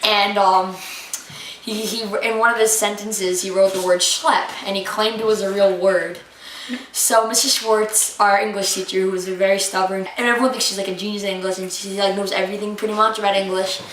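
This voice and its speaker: A woman's voice: medium pitch, fairly even intonation, a little fast, fairly bright tone. Chatty teenage girl, lots of fillers, voice far from the mic in an echoey room. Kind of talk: home video anecdote. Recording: echoey room, distant mic, faint noise.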